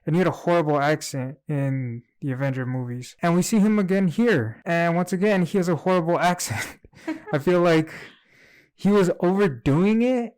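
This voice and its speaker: A man co-hosting a casual movie review chat, giving his opinions in a relaxed, rambling way. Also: on the high side, moderate pace, clear, resonant tone.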